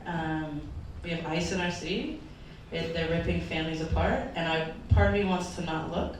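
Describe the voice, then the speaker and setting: A woman's voice: low voice, fairly even intonation, moderate pace, a little hiss or hum. A woman pastor giving an earnest, emotional sermon, her voice sometimes wavering as if near tears. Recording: echoey hall from far off.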